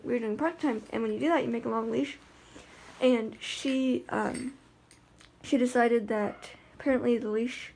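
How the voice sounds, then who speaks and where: A woman's voice: fairly high pitch, gravelly, a little mellow, slight background noise. A woman talking in a casual vlog about life with her guide dog, chatty and rambling with lots of fillers and restarts.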